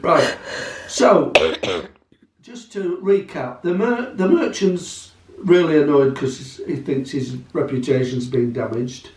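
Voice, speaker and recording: A man reading a story aloud at home, jokey and halting, with casual asides. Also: a little high, animated, slight background noise. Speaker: vlogger. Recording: roomy, from a distance.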